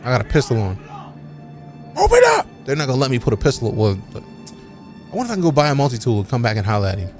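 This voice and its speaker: A man's voice: medium pitch, expressive, racing, darkish tone, soft background music. A man live-streaming a game, chatting casually with his viewers and joking around with playful, mock-offended trash talk full of slang.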